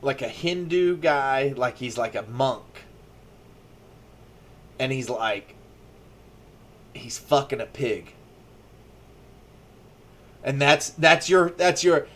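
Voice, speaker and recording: A man's voice: medium pitch, animated, takes it slowly, pauses often, fairly bright tone. A young man chatting casually, telling a rambling story full of filler words and swearing. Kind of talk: casual chat.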